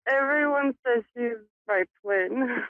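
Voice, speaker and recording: Woman, caller, tearful, quiet, brief answers, tinny phone line, dry sound. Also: on the high side, slow pace, dry recording. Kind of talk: phone call to a radio show.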